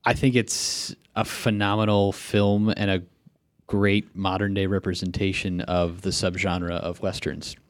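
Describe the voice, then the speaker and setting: A man with a low voice sharing his views in a relaxed podcast chat. He pauses often and fills the gaps with "uh" and "you know" while he works out his thoughts. The recording is close and dry, with no room sound. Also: dry recording. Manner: thoughtful, hesitant, many fillers. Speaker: podcast co-host. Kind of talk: casual film discussion.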